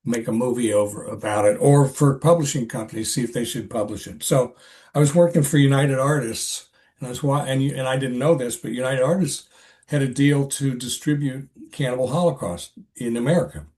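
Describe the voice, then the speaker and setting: An older man, an actor, telling a story in a casual interview with a halting, rambling manner and many restarts. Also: mid-range voice, darkish tone. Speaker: actor, podcast guest.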